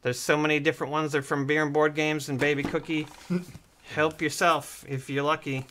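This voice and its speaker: A man hosts a comedic stream with a bright, slightly raised voice. He jokes with his co-hosts and acts out both sides of silly stories. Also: fairly high pitch, flat delivery, moderate pace, a little hiss or hum. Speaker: stream host. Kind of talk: comedic livestream banter.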